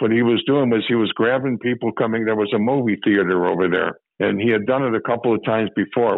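The speaker is an older Chicago man who used to be a police officer, recounting career stories in an interview with plenty of rambling and repeated phrases. His pitch is fairly low, the audio has phone-quality sound, and there's no room sound.

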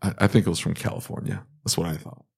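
A man co-hosting a podcast, telling animated stories with blunt jokes and frequent laughs. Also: low voice, fast talker, vocal fry, breathy edge. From Kansas City area. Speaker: podcast co-host. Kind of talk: casual chat.

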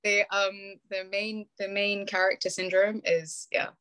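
A woman's voice: mid-range voice, level tone, measured pace, pushed and bright, clean tone. A young British woman, a podcast guest, chatting casually and telling stories with frequent laughs. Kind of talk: casual interview chat.

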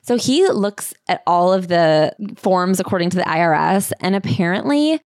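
A woman's voice: on the low side, no room sound. Casual woman podcaster, dry close sound. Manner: quick, animated retelling with acted quotes. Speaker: podcast co-host. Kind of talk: casual chat recapping a memoir.

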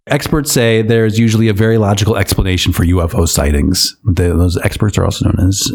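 A man's voice: fairly low pitch, brisk, hardly any pauses, darkish tone. A man co-hosting a podcast who reads news stories aloud and breaks in with sarcastic asides. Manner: sarcastic asides while reading. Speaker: podcast co-host reading news. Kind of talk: comedic news reading.

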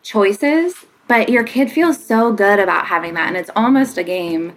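A woman's voice: mid-range voice, expressive, unhurried. A woman giving casual parenting advice on sleep, chatty and full of fillers, sometimes acting out what parents and kids say. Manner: chatty, lots of fillers, acts out quotes. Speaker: child sleep consultant.

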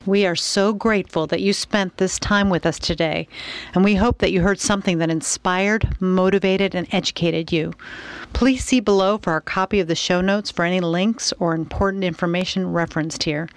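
Woman podcast cohost reading the outro, lowish voice, dry sound. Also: steady tone, moderate pace, no room sound, low-quality recording. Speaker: podcast co-host. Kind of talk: scripted sign-off.

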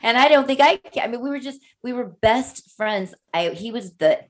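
A woman's voice: on the high side, lively intonation, normal speed. A middle-aged woman chatting candidly, telling a story animatedly and acting out the voices of the people in it. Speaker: guest. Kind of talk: candid casual chat.

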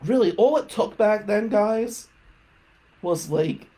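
A man's voice: high-pitched, expressive, takes it slowly, mellow. A man, hosting a radio talk show and telling self-mocking stories in a casual comedic monologue. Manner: self-mocking storytelling, laughing at his own jokes. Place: radio studio.

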